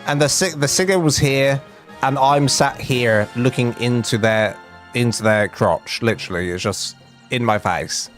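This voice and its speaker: Faint game music runs under this clip of a young man streaming from home. Speaking a little slowly in a mid-range, slightly bright voice, he chats through a funny story and pokes fun at himself as he plays.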